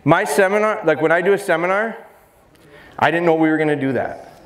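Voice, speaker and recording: A middle-aged man gives a dog training seminar to a live audience in a large exhibition hall, speaking energetically and joking with the crowd. His voice is fairly high, fairly quick and fairly bright, with roomy hall echo and faint crowd ambience.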